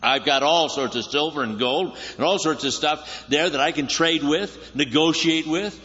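A man voicing a confident male patriarch planning a journey, in a brisk, self-assured way, during a sermon. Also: fairly high pitch, pushed and bright, highs cut off. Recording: echoey church hall.

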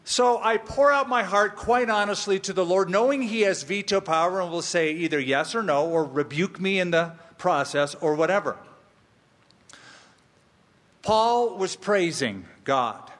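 A man preaching from the pulpit at an unhurried, deliberate pace, his fairly high voice trailing off into the long echo of a big church sanctuary. He leans hard on repeated phrases and slips in dry humor between points. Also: lively intonation, a bit bright. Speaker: pastor. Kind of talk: sermon. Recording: long reverb of a large hall.

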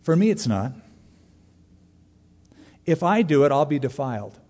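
A man in his forties preaching a sermon to a congregation, joking and animated, leaning hard into emphasis. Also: a little high, unhurried. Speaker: pastor. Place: large church sanctuary. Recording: long reverb of a large church hall.

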